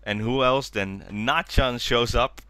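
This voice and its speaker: A man co-hosting a podcast, chatting casually as he recaps a documentary, acting out quotes in higher voices. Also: slow pace, sharp tone, smooth, no echo. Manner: enthusiastic, acts out quotes in high voices. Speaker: podcast co-host.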